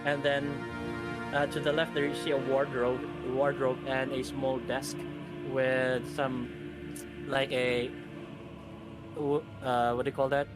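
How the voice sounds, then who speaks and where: A male game master narrating a tabletop adventure, his voice pitched in the middle range. He describes each scene haltingly, with many fillers and restarts, and music plays steadily behind him. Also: level tone. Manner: hesitant, full of fillers and restarts. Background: background music.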